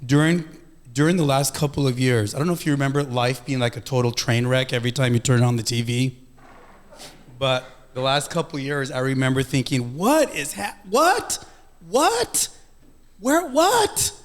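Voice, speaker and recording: A man hosting an event, introducing a speaker with a lively personal story, acting out his own thoughts with sudden high-pitched outbursts. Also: brisk. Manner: animated, acts out his own inner voices with big pitch jumps.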